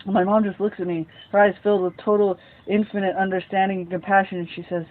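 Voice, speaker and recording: A man hosting a story time show, reading a novel aloud in a casual, unhurried way with lively bursts. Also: high-pitched, slight background noise. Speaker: storyteller host. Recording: tinny phone-like sound.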